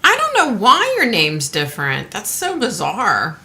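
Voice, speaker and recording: A woman's voice: medium pitch, wildly swooping pitch, a little slow, pushed and bright. A woman hosting a live stream from home, chatting frankly with viewers and swearing casually. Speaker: livestream host.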